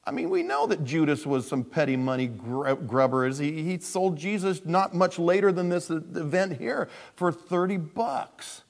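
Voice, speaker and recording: A man preaching a sermon. He is animated, swings from loud emphasis to hushed asides, and acts out the people he quotes. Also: on the high side, normal speed, hardly any pauses. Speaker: pastor.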